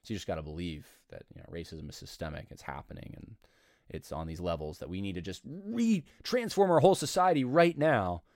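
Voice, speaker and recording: Animated man commenting on an article. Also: deep voice, fairly quick, no echo, clean studio sound. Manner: animated, argumentative, laughs between points. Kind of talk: reading and critiquing an article aloud.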